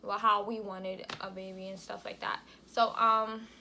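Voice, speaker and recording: A woman's voice: medium pitch, little pitch movement, measured pace, gravelly, background noise. A young woman vlogger telling a casual storytime, slangy and swearing freely, acting out every line of dialogue. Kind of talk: storytime vlog, casual chat.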